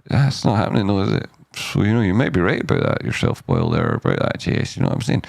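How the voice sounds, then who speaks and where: A man's voice: on the low side, wildly swooping pitch, fast, vocal fry, darkish tone, no room sound, studio quality. A man hosting a casual live stock chart analysis, rambling and jokey, cutting himself off mid-sentence. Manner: rambling, self-interrupting, jokey asides.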